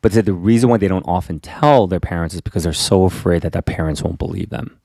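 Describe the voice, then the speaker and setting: A man's voice: low voice, fast, vocal fry, no room sound, studio quality. A man, a pastor, talking earnestly in a casual conversation, telling stories with many restarts. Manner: earnest, animated storyteller with frequent restarts.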